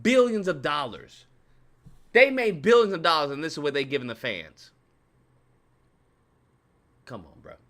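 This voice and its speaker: Animated, high-voiced male ranter. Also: a little slow, pauses often. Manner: animated, profane, repeats his points for emphasis. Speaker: YouTube commentator. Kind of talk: ranting video commentary.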